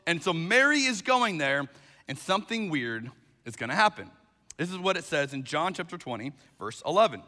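A male pastor delivers his sermon with a lively, swooping delivery and a bright, forceful tone. He pushes his points hard and repeats phrases for emphasis. His voice rings out with the long reverb of a large hall. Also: fairly high pitch, normal speed.

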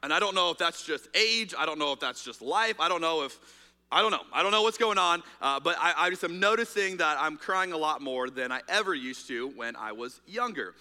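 Preaching as pastor in a reverberant church auditorium, a man talks candidly and conversationally, with fillers and restarts. His voice is a little high and brisk, with lively intonation and a sharp tone.

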